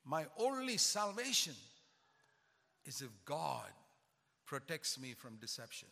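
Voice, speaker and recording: An older man preaching a sermon, emphatic and rising in pitch to stress his points. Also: sing-song, slow, creaky, sharp tone. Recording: long hall reverb.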